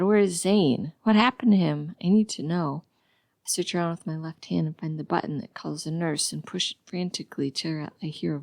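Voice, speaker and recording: A woman's voice: sits low, vocal fry, no echo, studio quality. A woman narrating a psychological thriller audiobook in the first person, in a tense, anxious way.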